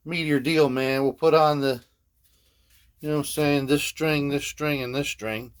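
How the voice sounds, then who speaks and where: An older man, narrating his guitar repair work in a joking, rambling way that keeps tagging lines with "man". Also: mid-range voice. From Philadelphia. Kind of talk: casual workshop narration.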